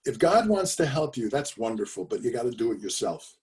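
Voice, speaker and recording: Older man, mid-pitched, earnest storyteller, speaking a little off-mic on a video call. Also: very animated, brisk, a little mellow, distant mic. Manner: conversational storyteller with fillers and emphatic repetitions. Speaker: speaker telling his father's story.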